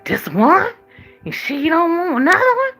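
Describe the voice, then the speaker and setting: A woman acts out an older shopkeeper who hurries to please and keeps offering more. He talks quickly and stumbles over his words. The voice stays close to her own. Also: extremely high pitch, very animated, a bit bright, soft background music, voice pushed up, full character voice. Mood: eager. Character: eager generous older man, a smooth shopkeeper.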